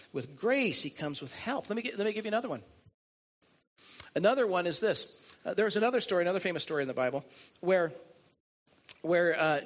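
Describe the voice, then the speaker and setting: A pastor preaches a sermon in a slightly high, somewhat bright voice. He retells stories earnestly and relies heavily on repetition.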